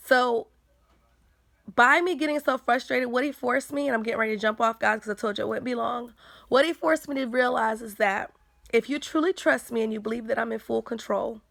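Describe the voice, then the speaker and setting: An earnest woman gives a casual faith testimony on her livestream, repeating key points to drive them home. Her voice sits a little high, with a gravelly fry. The sound is dry and close. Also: fairly bright tone, no room sound.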